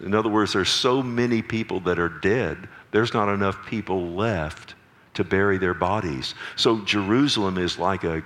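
A man's voice: low-pitched, moderate pace, a bit bright. A man preaching a sermon as pastor, reading scripture aloud with earnest, dramatic emphasis into a church microphone. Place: church sanctuary. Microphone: microphone on a sound system.

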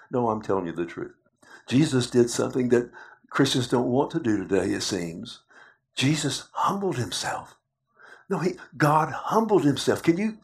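A male pastor preaching a sermon, moving from quiet, low talk to loud, emphatic preaching. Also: vocal fry.

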